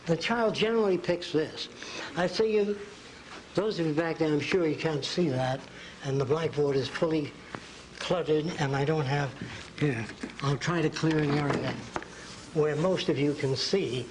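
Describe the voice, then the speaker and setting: Speaking in a lecture hall, an older man keeps his college lecture folksy, sketching on the blackboard as he goes and dramatizing quotes. His fairly high voice is a little mellow, heard through a low-quality recording with slight background noise.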